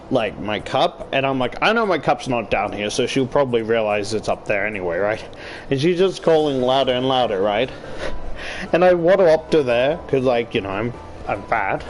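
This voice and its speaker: Young guy streaming games at home, rambles n swears, gets loud when he's worked up, bit of faint noise behind him. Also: medium pitch. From Australia. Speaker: YouTuber. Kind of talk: casual gaming stream chat. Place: home room while gaming.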